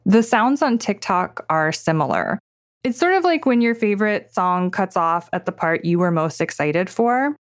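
A woman writer narrating her own audio essay in a reflective, thoughtful manner on a close studio mic. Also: mid-range voice. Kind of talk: scripted narration.

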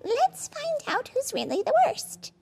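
Woman doing a squeaky storybook mouse, very high-pitched. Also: huge pitch swings, a little slow, creaky, a little mellow, soft background music, heavily acted. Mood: bossy.

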